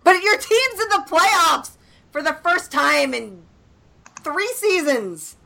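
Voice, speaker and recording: A woman's voice: very high voice, big pitch swings, slow, gravelly, pushed and bright. A woman co-hosting a casual podcast chat, teasing and laughing often. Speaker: podcast co-host.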